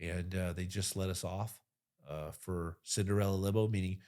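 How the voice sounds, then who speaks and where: Forties male veteran, slightly low voice; animated, salty podcast storyteller who punches his key lines. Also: moderate pace. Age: 40s. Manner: animated, profane, swings to loud emphasis. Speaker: podcast guest, military veteran. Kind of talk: casual storytelling.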